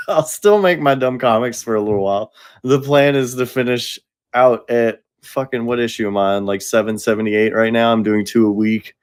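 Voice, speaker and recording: A man's voice: mid-range voice, normal speed, clear, resonant tone. Young guy on a podcast, super chill, drops f-bombs, laughs a lot. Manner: laid-back, swears freely, laughs often. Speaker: podcast co-host. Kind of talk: casual podcast chat.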